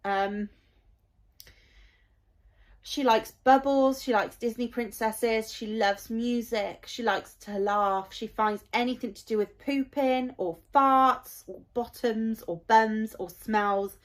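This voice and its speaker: A woman in her thirties talks straight to camera in a casual vlog. She is heartfelt and rambling, full of ums and likes, and her voice sits a little high. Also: fairly even intonation, slow. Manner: emotional, heartfelt, rambling with many fillers. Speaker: parent vlogger.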